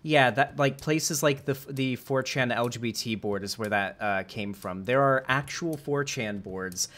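A man's voice: mid-range voice, measured pace, fairly bright tone. A man hosting a casual debate with a viewer, talking in a rambling way with many fillers and restarts. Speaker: host.

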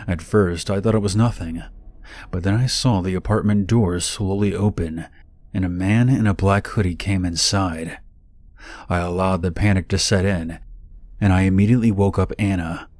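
Low-voiced man reading horror stories. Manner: calm, measured storytelling. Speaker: horror story narrator. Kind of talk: scripted narration.

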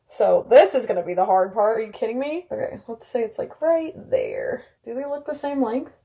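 A woman's voice: a little high, wildly swooping pitch, moderate pace, vocal fry, mellow, slightly rough, low-quality recording. A young woman chatting in a casual vlog, dramatic and self-mocking, with frequent gasps and exclamations. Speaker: beauty vlogger.

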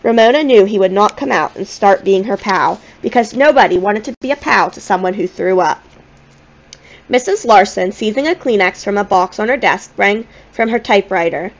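A woman reading a children's novel aloud in a gentle, expressive storytelling manner. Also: mid-range voice, normal speed, highs cut off. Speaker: audiobook reader.

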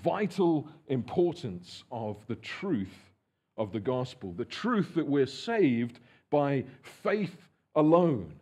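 A man preaching a sermon in church, earnest and measured, with frequent fillers and restarts. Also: medium pitch, sing-song, a little mellow, breathy edge. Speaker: pastor.

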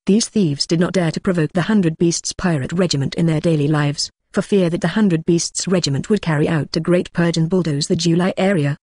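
A synthetic-sounding narrator reading a translated novel in an even, uninflected way. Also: mid-range voice, brisk, few pauses, dry recording. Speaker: audiobook narrator. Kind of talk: scripted narration.

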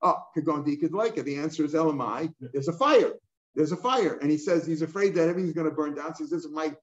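An older male Talmud teacher explains the text line by line, firing off rhetorical questions and slipping into Hebrew and Aramaic terms. His voice sits a little high for a man. The recording is roomy and dull, like a lo-fi class recording. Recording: echoey room, dull lo-fi sound.

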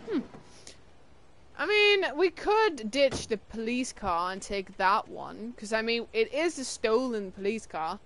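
A young woman streaming a game, chatting casually with viewers, tired and yawning, with excited bursts of greeting. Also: on the high side, unhurried, a little hiss or hum. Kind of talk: casual live-stream chat.

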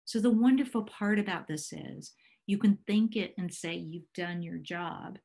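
A woman in her fifties presenting a workshop over a video call, calm and encouraging as she guides a breathing exercise. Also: mid-range voice, a little slow, vocal fry. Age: 50s.

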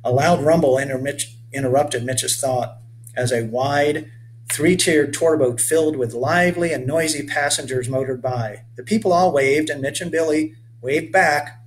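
Older male author reading a children's book, gentle teacherly delivery, faint hum behind. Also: on the high side, moderate pace. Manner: gentle storyteller, stops to explain to young listeners. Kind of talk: storybook read-aloud for children.

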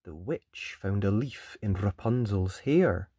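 Slow, expressive read-aloud storyteller. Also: low-pitched, husky, no echo, studio quality. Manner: expressive, with whispered sound effects.

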